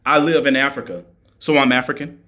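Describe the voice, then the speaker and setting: A man's voice: mid-range voice, steady tone, a little fast, sharp tone. A man ranting on a live stream, mocking his listeners and firing the same rhetorical questions at them again and again. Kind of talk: argumentative live-stream rant.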